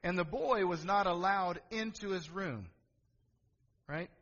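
A man's voice: sits high, a little slow, a bit bright. A middle-aged male pastor preaching a sermon, telling a story with asides to the congregation and building to emphatic calls. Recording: echoey hall, dull lo-fi sound.

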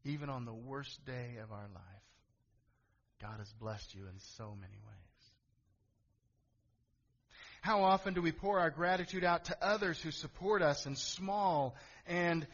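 High-voiced preacher in an echoing hall. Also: male voice, animated, a little slow, a bit bright. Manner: storytelling with asides, rising to emphatic preaching. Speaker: pastor. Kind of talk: sermon. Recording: echoey hall, dull lo-fi sound.

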